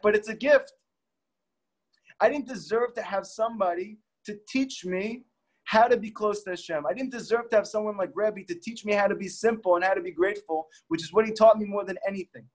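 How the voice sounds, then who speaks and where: A man, a rabbi, giving an earnest and emphatic Torah teaching talk that drives home each point by repeating it. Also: high-pitched.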